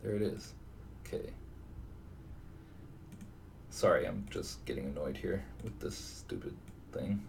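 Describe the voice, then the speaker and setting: A man with a low, gravelly voice thinks aloud as he talks through his own online poker session at the computer. He mutters half to himself, a little way off the mic. Steady background noise and keyboard clicks sit under him. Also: measured pace, long pauses, recorded from a distance.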